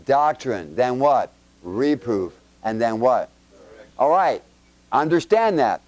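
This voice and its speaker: A man fires quick questions at a congregation that includes children, giving informal Bible teaching. His medium-pitched, slightly mellow voice swings widely in pitch as he chats, jokes, and uses homespun examples.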